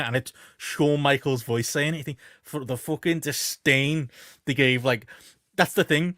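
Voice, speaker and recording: A man's voice: mid-range voice, moderate pace, fairly bright tone, no echo, studio quality. A man co-hosting a casual wrestling podcast, rambling through the news with lots of fillers and restarts. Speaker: podcast co-host.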